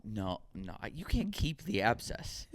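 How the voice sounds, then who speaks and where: A man's voice: lowish voice, very animated, unhurried. A man co-hosting a casual podcast, telling rambling stories and acting out quoted dialogue. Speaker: podcast co-host.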